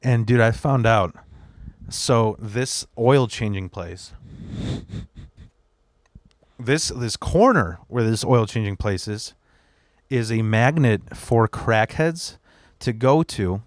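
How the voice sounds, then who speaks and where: A standup comedian spins rambling, swear-filled anecdotes in casual podcast talk. His voice sits at a middle pitch, close and dry on the mic with no room sound. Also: expressive, takes it slowly, pauses often, dry recording.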